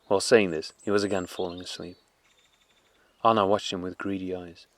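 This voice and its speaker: A man narrating a classic novel as an audiobook in a measured, calm, unhurried way. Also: deep voice, no echo.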